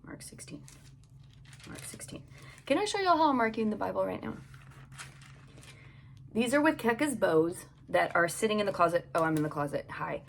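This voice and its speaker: A woman's voice: mid-range voice, lively intonation, brisk, vocal fry, a little hiss or hum. A woman hosting a devotional podcast, chatting casually and reading scripture aloud while recording in a home closet. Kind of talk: casual devotional Bible teaching.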